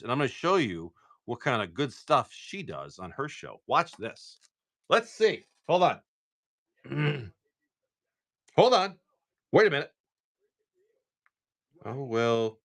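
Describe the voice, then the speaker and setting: A man's voice: medium pitch, very animated, unhurried, pauses often, fairly bright tone. A man hosting a live stream, opening card packs and upbeat as he thanks viewers by name.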